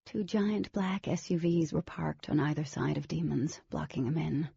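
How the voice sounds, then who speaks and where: A woman's voice: low-pitched, normal speed, gravelly, warm tone, breathy edge, no echo, muffled recording, full character voice. A woman narrating a novel as a wary teenage girl, in scripted audiobook style.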